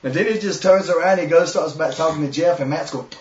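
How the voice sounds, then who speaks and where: A man's voice: a little high, fast, slight background noise. A man with a Southern US accent telling a long, profane story in casual chat and laughing as he goes. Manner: profane, animated storyteller who laughs as he tells it. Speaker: webshow host. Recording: echoey, lo-fi room mic from a distance.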